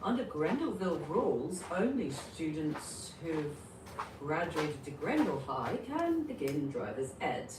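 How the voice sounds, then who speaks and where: A woman's voice: sits low, very animated, measured pace. A woman voicing a strict driving instructor who firmly states the rules, heard from a distance in a roomy, noisy space.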